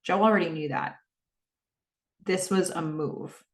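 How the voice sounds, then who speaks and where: A woman's voice: lowish voice, a little slow. A woman hosting a podcast, casually recapping a TV episode and acting out the characters' lines. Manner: chatty, acts out lines of dialogue. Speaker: podcast host. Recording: echoey room, distant mic.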